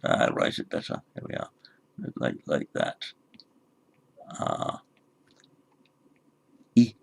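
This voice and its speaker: A man teaching a recorded grammar lesson, explaining word forms patiently and spelling them out slowly. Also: rumbling low, wildly swooping pitch, vocal fry. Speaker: language teacher.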